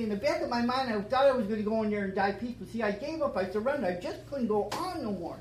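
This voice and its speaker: A middle-aged man giving a personal testimony at a recovery meeting, earnest and repetitive, building to loud emphatic declarations. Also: high voice, animated, quick pace, few pauses. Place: meeting room. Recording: echoey room with faint background hum.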